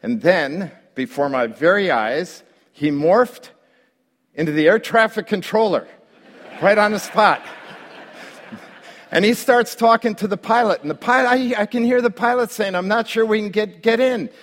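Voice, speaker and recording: A middle-aged man, a pastor, telling a story in a sermon with lively delivery that climbs and grows louder when he relives his own panic. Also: high voice, measured pace, pauses often. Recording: long hall reverb.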